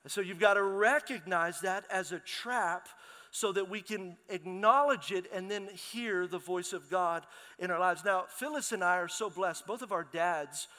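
Bright high-voiced pastor preaching. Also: male voice, normal speed. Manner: lively storytelling, calls out to the congregation. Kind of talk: sermon. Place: large church hall. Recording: long hall reverb in a church.

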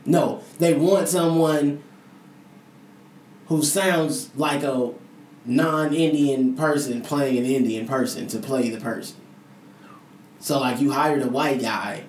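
A man's voice: mid-range voice, slow pace, long pauses. A man co-hosting a podcast in casual chat, talking loosely and profanely as he rants. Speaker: podcast co-host. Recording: echoey room, mic at a distance, faint noise.

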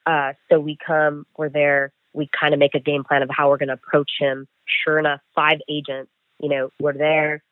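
Over a dry, tinny phone line, a bail enforcement agent recounts a chase for an interview, lively as he performs the exchanges with "I'm like." His fairly high voice moves at normal speed with no echo.

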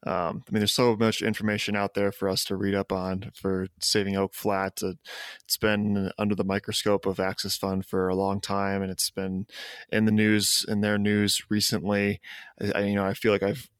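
A man's voice: lowish voice, completely flat delivery, moderate pace, smooth, dry recording, studio quality. A man hosting a podcast interview, talking casually and hesitantly, with lots of fillers. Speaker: podcast host.

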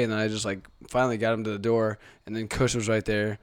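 Young man with a lowish voice, meandering profane anecdotes, dry sound. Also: level tone, fast talker, no room sound. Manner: rambling, profane, trailing asides. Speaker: podcast co-host, bartender. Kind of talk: casual chat.

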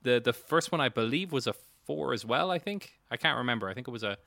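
A man's voice: mid-range voice, animated, fast talker, vocal fry, sharp tone, dry recording, clean studio sound. A man, running a tabletop game as game master, joking and laughing often.

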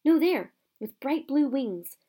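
A woman's voice: sits high, lively intonation, slow, warm tone, voice pushed up. Earnest young boy wizard in a storybook reading , a woman voicing him; urgent, calls out.

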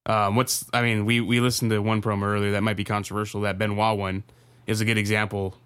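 A male co-host talks in a smooth, clear, slightly low voice, earnest and repetitive, with casual swearing. The sound is dry and close to the mic. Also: flat delivery, fast talker, fairly bright tone, no room sound. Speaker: podcast co-host. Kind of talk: casual podcast chat.

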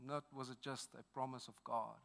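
A man in his thirties with a South African accent preaching a sermon, telling a personal story earnestly and swinging from hushed to loud. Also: mid-range voice, steady tone, brisk, creaky. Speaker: pastor.

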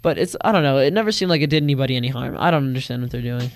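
A man's voice: medium pitch, expressive, racing. A teenage boy giving an earnest, indignant account of his own experience in a personal monologue. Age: teens. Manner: earnest, indignant, acts out quoted voices.

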